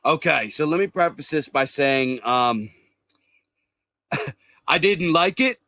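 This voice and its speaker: A podcast co-host, a man, talks through his opinions in a loose, rambling way, full of restarts and "um"s and the odd swear word. His voice is bright and forceful. The recording is dry and close, with no room sound. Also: a little high, expressive, slow, no room sound. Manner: rambling, lots of restarts and fillers; swears casually. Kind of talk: casual review chat.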